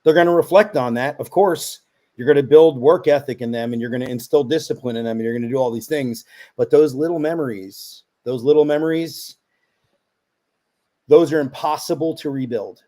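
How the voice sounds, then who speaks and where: A middle-aged man, a guest on a podcast, chatting casually and telling animated, rambling stories. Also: mid-range voice, fairly quick.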